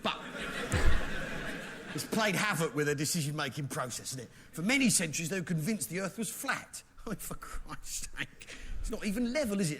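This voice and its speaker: A brash English man performing stand-up on a theatre stage, his fairly high voice swooping up and down as he blusters with mock patriotism. He fires asides straight at the crowd, and loud audience noise fills the live recording. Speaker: stand-up comedian. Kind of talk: stand-up comedy with crowd work.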